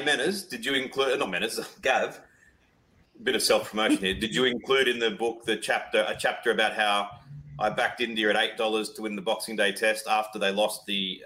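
A man co-hosting a cricket podcast, teasing the others in playful, quick banter. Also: fairly low pitch, pushed and bright, poor audio. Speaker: podcast co-host. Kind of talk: casual cricket podcast chat.

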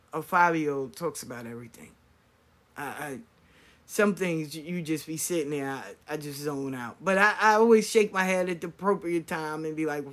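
An older woman, a grandmother, telling a family story to her viewers in a blunt, casual, sometimes profane way. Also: on the low side. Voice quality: blunt and profane, talks straight to the listener.

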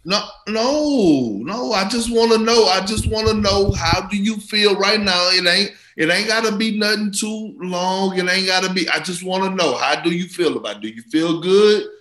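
Male co-host, somewhat high voice, playful and repetitive, roomy echo. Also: moderate pace, hardly any pauses, fairly bright tone. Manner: playful, repetitive, laughing, slangy. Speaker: podcast co-host. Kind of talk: casual sports talk.

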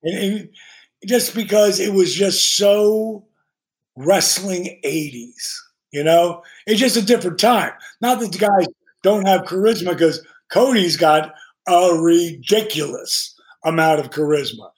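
A man who is a guest on a podcast, telling profane, animated stories and acting out the voices of people he quotes. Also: sits high, unhurried. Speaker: guest, retired pro wrestler. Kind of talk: profane storytelling podcast chat.

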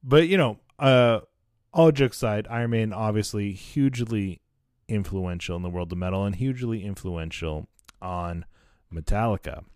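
Man, podcast host, banters and laughs a lot, deep, dry sound. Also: moderate pace, no room sound. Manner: laughs often, lively banter. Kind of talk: casual chat.

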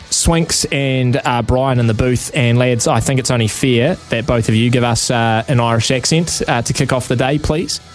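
A man hosting a sports radio show, talking casually with frequent ums. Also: mid-range voice. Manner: chatty, many ums and uhs. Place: radio studio.

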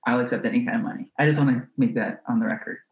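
A man's voice: mid-range voice, steady tone, racing, lo-fi sound. A man chatting as a guest on a casual podcast, joking and laughing often. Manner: playful, laughs often, mimics accents. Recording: roomy echo.

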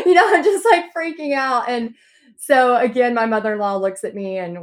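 A woman's voice: a little high, animated, fairly quick. A woman guest telling her own story in a podcast interview, acting out quotes with big swings in her voice.

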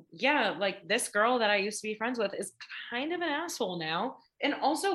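A young woman co-hosting a casual film review chat, animated and laughing. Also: medium pitch. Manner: animated, laughing, heavy with fillers. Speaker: podcast co-host.

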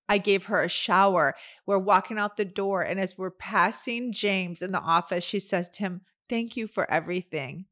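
A woman's voice: medium pitch, normal speed. A middle-aged woman co-hosting a podcast, telling family stories in casual chat and acting out the dialogue. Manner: animated storyteller, acts out quoted dialogue. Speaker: podcast co-host.

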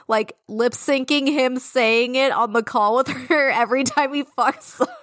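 A woman co-hosting a podcast in casual chat, laid-back, swearing casually with quick asides. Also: sits high, a bit bright. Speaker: podcast co-host.

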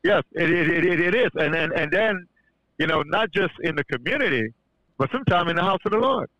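Halting, fervent man, bright and lo-fi. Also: a little high, animated, dry recording. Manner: halting, many restarts, builds to fervent emphasis. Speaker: podcast guest sharing testimony. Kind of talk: casual church-style testimony.

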